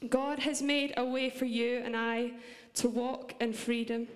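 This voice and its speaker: A young woman with a Scottish accent speaks earnestly from a church stage, her voice sitting a little high. The sound rings with the long reverb of a large hall. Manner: earnest and heartfelt, with light laughs. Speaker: preacher. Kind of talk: church sermon.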